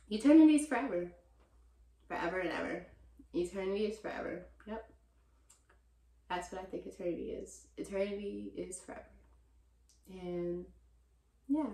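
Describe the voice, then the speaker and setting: A young woman in her twenties chatting casually in a Q&A vlog, talking to her viewers as "y'all" and getting loud and animated when she vents. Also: lowish voice, gravelly. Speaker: vlogger answering viewer questions. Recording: roomy echo.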